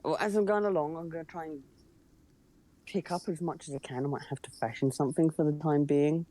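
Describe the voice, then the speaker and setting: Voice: medium pitch, steady tone, brisk, warm tone. A player in a tabletop game, speaking hesitantly with many filler sounds. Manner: hesitant, lots of ums. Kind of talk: casual tabletop play.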